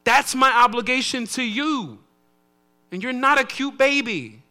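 A man preaching a conversational sermon to his congregation, swinging between soft asides and loud emphatic lines. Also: extremely high pitch, a little slow. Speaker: pastor.

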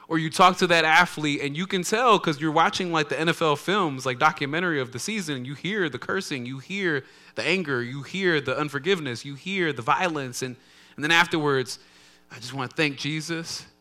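A male pastor delivers a sermon in a conversational, preaching style. His voice is bright and forceful, sitting a little high for a man. He moves between soft, low asides and loud, emphatic lines. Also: fairly quick.

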